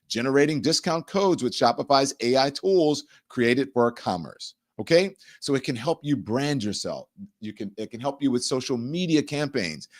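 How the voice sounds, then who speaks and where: A middle-aged man hosts a talk show, delivering a casual monologue in a loose, chatty way and repeating words as he goes. He swings from a sponsor pitch into a heated rant.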